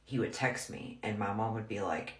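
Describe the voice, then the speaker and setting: A rumbling low voice, steady in tone and moderate in pace, belongs to a woman vlogging a personal story. Her delivery is frank, blunt and casual, packed with "like." The room echoes noticeably.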